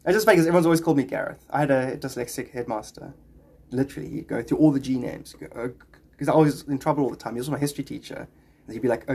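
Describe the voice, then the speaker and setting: A man's voice: medium pitch, fast talker, darkish tone. A man livestreaming casually, chatting in a rambling way and greeting viewers by name.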